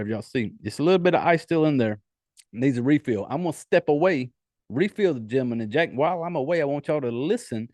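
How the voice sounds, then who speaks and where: Clean studio sound with no room echo carries this Southern-accented man's medium-pitched, darkish voice. Hosting a solo podcast, he's laid-back and rambling, with profanity sprinkled through his casual chatter.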